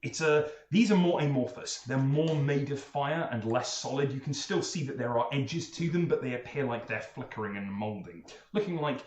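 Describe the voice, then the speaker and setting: Guy running a tabletop game, animated and jokey, roomy echo. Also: moderate pace, hardly any pauses. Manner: animated, playful, leaps up in pitch for emphasis. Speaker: game master. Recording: echoey room mic with faint noise.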